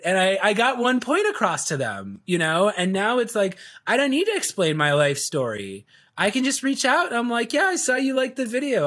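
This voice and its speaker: A man's voice: fairly high pitch, a bit bright. A man telling stories in a casual podcast interview, playfully acting out quoted dialogue and chuckling as he talks. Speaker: sales video coach, guest.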